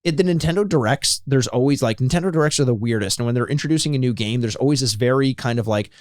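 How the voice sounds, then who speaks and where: A man's voice: medium pitch, fast talker, dry recording. Chatty podcast co-host man, dry sound. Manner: chatty, lots of filler and restarts, mimics announcer voices. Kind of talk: casual chat.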